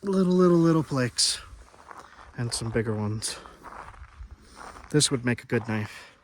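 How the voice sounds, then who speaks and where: A man's voice: mid-range voice, takes it slowly, slight background noise. A man vlogging outdoors on a volcanic hillside, short of breath, talking casually and trailing off mid-sentence into a handheld camera. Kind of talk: casual outdoor vlog commentary.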